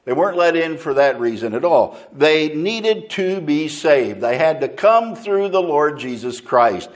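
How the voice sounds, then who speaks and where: Male pastor, mid pitch, unhurried deliberate sermon delivery with repeated key lines. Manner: slow, deliberate preaching with repeated phrases.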